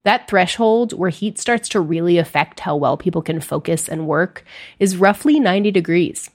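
A woman reporter delivering a news report in a measured way. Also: on the low side.

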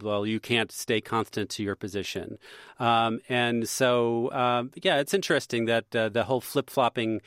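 A man being interviewed on radio as a language columnist, explaining political word use in a measured way with many fillers. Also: mid-range voice, fairly bright tone, no room sound, clean studio sound.

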